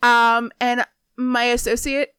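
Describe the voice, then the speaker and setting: A woman's voice: on the high side, slow pace, smooth, no echo, studio quality. A woman co-hosting a podcast, telling a work story in casual chat and acting out the people in it. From Washington State. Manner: animated storyteller, acts out customers in a raised voice. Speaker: podcast co-host.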